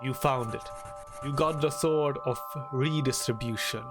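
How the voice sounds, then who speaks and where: Man reading a story game over music. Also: medium pitch. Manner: halting, with many restarts and fillers; shifts to a louder, animated voice when reading and acting out lines. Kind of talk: casual game stream commentary and reading aloud.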